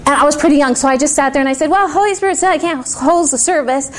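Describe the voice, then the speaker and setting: A woman preacher telling a personal story in a lively sermon to a church congregation, laughing often. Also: sits high, fast.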